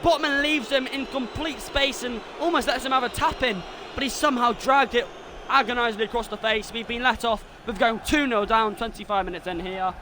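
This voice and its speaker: A young man streaming a football video game, giving his own excitable commentary that swings between frustrated rants and shouted goal calls. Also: extremely high pitch, brisk, noisy background. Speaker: gaming streamer doing self-commentary.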